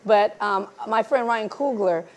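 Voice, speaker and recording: Her voice sits at a medium pitch and she speaks unhurriedly. She is a film director guesting at a live interview before an audience, keeping the onstage talk casual and animating her anecdotes by performing the quoted lines.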